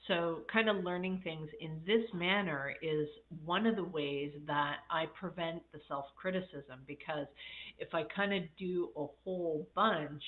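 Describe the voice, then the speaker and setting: A woman's voice: deep voice, measured pace. A woman life coach on a casual livestream, telling reflective stories with many fillers and a slightly congested voice. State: slightly congested, coughing after illness. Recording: tinny phone-like audio.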